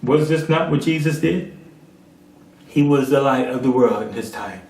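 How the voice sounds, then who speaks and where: A man's voice: mid-range voice, normal speed, a little mellow. A man preaching a sermon, telling a parable and rising to emphatic peaks. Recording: echoey room, far from mic.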